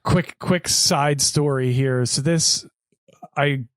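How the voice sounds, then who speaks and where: A man's voice: medium pitch, fairly even intonation, takes it slowly, a crowd in the background. A man co-hosting a podcast, telling a story in casual chat and acting out the people in it. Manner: storytelling, acts out quoted people. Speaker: podcast co-host.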